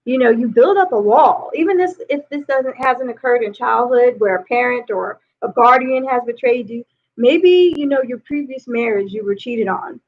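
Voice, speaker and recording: Woman, life coach, relationship advice, chatty, says "you know" a lot, gravelly fry, tinny phone-like audio. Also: fairly high pitch, moderate pace. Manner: conversational, peppered with "you know".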